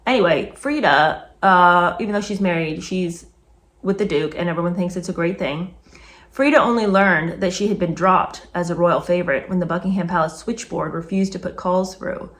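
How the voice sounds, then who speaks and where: A woman with a slightly low voice reads a book aloud for a review. She keeps breaking off with animated, disgusted comments between passages. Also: moderate pace.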